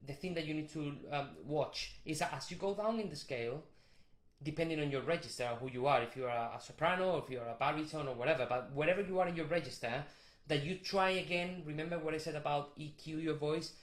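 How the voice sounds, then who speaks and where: A man teaching a vocal warm-up, explaining technique with restarts and short sung demonstrations. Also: fairly high pitch, fast talker, echoey room. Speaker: vocal coach.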